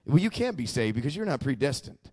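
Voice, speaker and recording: A man voicing the accuser, an aggressive, taunting male evil spirit, in low, hushed, curt taunts. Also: big pitch swings, fast, big-room sound.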